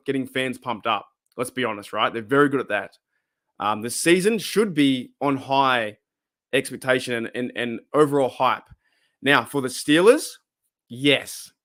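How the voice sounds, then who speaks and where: Chatty Australian bloke talking footy at home. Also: male voice, medium pitch, a bit bright. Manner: chatty, rambling, frequent restarts. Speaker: podcast host answering fan questions. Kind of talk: casual solo chat. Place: small home room. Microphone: desktop USB microphone.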